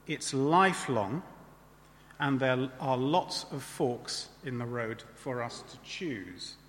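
A man's voice: mid-range voice, animated, slow pace, a bit bright, in a large hall. A man preaching a sermon in a church in a conversational way, often adding tag questions.

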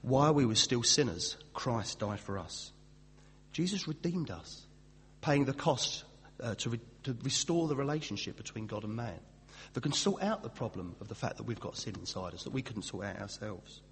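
A man gives a relaxed Christmas sermon in a chatty, self-deprecating way, stumbling over a word now and then. His voice hangs in a long hall reverb. A faint hum sits under the recording. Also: mid-range voice, normal speed. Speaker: pastor.

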